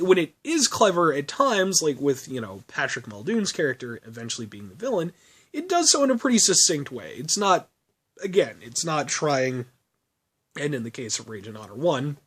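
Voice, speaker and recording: A man talks through a film review in a loose, rambling vlog style. His voice sits a bit high and swings up and down a lot as he chuckles his way through. He swears freely. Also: sing-song, moderate pace, a bit bright, breathy edge. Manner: rambling, laughing often, swearing.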